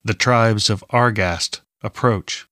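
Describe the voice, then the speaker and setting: A man voicing a stern, commanding male warrior who leads a group, giving terse orders in a lower, quieter voice than his narration. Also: takes it slowly, dry recording, studio quality.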